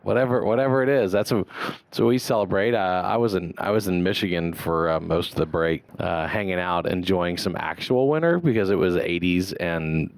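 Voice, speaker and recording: A man with a low voice hosts a podcast, chatting in a jokey, rambling way full of restarts and fillers. The recording is dry, with almost no room sound. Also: a little fast, dry recording. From Texas. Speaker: podcast host. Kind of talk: casual podcast banter.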